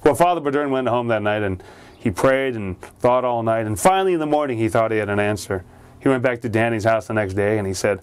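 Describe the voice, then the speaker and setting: A man's voice: mid-range voice, lively intonation, quick pace, clear, resonant tone. A man telling a ghost story aloud, dramatizing the characters with shifts of voice.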